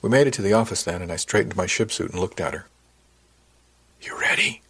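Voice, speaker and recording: Low, husky male audiobook narrator. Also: rapid-fire. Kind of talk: first-person audiobook narration.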